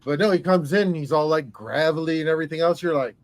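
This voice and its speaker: A man with a fairly high voice chats on a livestream. He tells stories with animation, dropping into quick impressions mid-sentence. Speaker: streamer guest. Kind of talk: casual chat.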